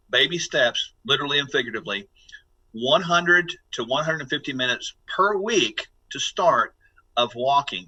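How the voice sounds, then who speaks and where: A man's voice: medium pitch, pushed and bright, breathy edge, low-quality recording. A man speaking as a guest health expert on a podcast interview, talking in an emphatic, instructive way as he coaches listeners.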